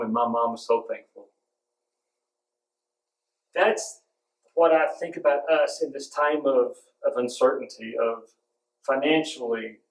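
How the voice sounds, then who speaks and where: A man preaching a sermon, telling stories and hammering home points with emphatic repetition. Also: on the high side. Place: church sanctuary. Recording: roomy echo, from a distance.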